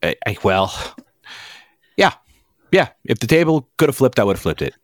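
An actor playing a hot-tempered, struggling devout Christian man, lurching between shouted accusations and sheepish apologies on an improvised comedy podcast. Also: medium pitch, sing-song, normal speed, no room sound, studio quality, lightly acted. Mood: contrite. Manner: volatile, yelling accusations then sheepish apologies. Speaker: returning guest.

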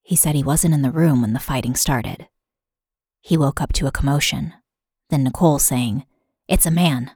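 Female podcast host for scripted true crime, matter-of-fact delivery, low and breathy. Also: normal speed, dry recording, studio quality. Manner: steady, matter-of-fact reading.

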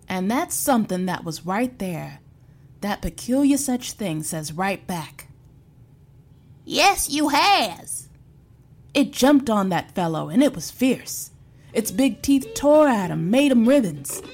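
A woman telling a spooky folk tale in a hushed voice with dramatic pauses. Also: medium pitch. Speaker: storyteller.

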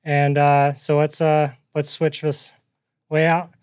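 A man's voice: fairly high pitch, monotone, slow pace, a little mellow, clear, resonant tone, no echo, clean studio sound. A man co-hosting a podcast, laid-back and hesitant, reading out a listener question. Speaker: podcast co-host.

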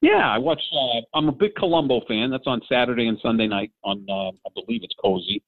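A man's voice: mid-range voice, lively intonation, a little fast, no room sound. A man in his fifties chatting casually about sports, rambling with lots of fillers and restarts. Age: 50s. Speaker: podcast co-host. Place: home, during lockdown. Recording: tinny phone-like line.

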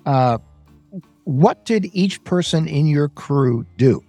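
A man hosting a podcast interview, asking probing questions and giving quick affirmations. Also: a little high, expressive, warm tone, slightly rough, no room sound, faint music behind. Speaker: podcast host.

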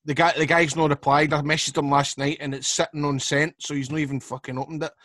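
A man's voice: fairly high pitch, level tone, quick pace, fairly bright tone, dry recording. Laid back scottish guy cracking jokes on a podcast, dead dry sound. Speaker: podcast co-host. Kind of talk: casual football chat.

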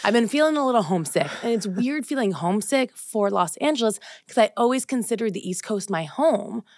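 Thirties woman, podcast co-host, gravelly voice, animated chatter, close dry mic. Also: medium pitch, a little fast, no echo. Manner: animated, swings loud when worked up. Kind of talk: casual chat. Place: moved from the West Coast to the East Coast.

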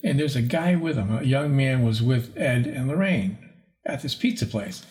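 A man's voice: mid-range voice, lively intonation, moderate pace, a little mellow. A man in his sixties, a paranormal investigator, telling a rambling story in an interview and acting out the people he quotes. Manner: rambling, acts out quoted voices.

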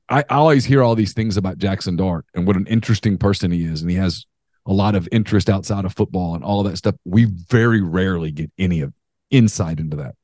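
A man co-hosting a sports podcast, telling stories in an animated, emphatic way. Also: low-pitched, no room sound, clean studio sound. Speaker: podcast co-host. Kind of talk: casual sports talk.

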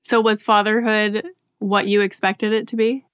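A woman's voice: mid-range voice, flat delivery, normal speed, clear, resonant tone, no room sound, studio quality. A woman hosting a podcast, introducing her guest with gushing enthusiasm before interviewing him. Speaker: podcast host.

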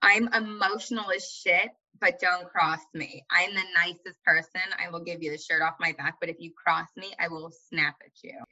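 A young woman talking as a podcast guest in casual chat, candid and dramatic, quick to poke fun at herself. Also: on the low side, fairly even intonation, sharp tone, dull audio. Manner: candid, dramatic and self-mocking.

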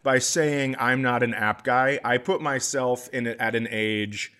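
A middle-aged man co-hosting a comedy podcast, telling rambling stories in casual chat and slipping into animated impressions. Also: mid-range voice, unhurried, smooth.

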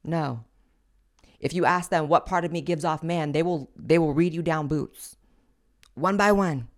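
Sassy, profane woman host, lowish voice. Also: measured pace, pauses often. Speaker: podcast host. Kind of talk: blunt commentary on social media clips.

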